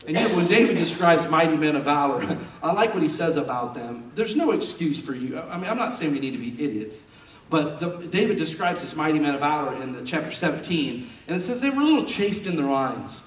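A man's voice: a little high, fairly quick, a little hiss or hum. Joking male preacher, roomy distant sound. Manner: animated, joking storyteller. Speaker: pastor. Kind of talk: sermon with folksy storytelling.

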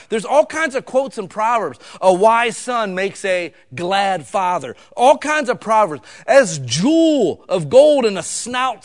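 A middle-aged man, preaching a sermon in a folksy storytelling way, swinging from loud emphatic lines to hushed ones. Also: on the high side. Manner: folksy, casual wording.

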